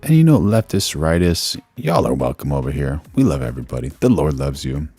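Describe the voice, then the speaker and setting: A very low, gravelly male voice drifts through casual live-stream commentary. He rambles in a relaxed, slangy way, and faint music sits underneath. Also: a little fast. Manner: laid-back, rambling, slangy.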